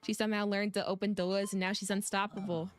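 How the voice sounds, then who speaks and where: A woman voicing a brisk, teasing adult woman who volunteers at an animal shelter, reading game dialogue aloud. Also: mid-range voice, level tone, lightly acted.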